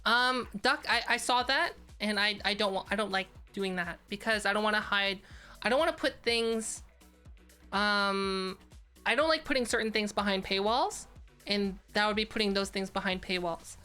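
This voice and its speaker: A woman's voice: medium pitch, normal speed, pushed and bright, clean tone, soft background music. A woman VTuber streamer chatting casually and playfully with her chat, giggling and reading names aloud.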